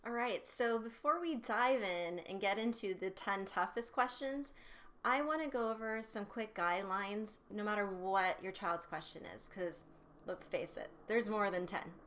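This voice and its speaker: A woman's voice: mid-range voice, a little slow, fairly bright tone, soft background music. A woman sexual health educator giving upbeat, conversational parenting advice straight to camera, with casual fillers.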